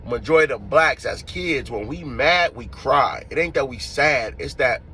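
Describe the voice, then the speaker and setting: A man telling a street-fight story in a casual, profane, animated way, acting out the scenes as he goes. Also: mid-range voice, moderate pace, a little hiss or hum.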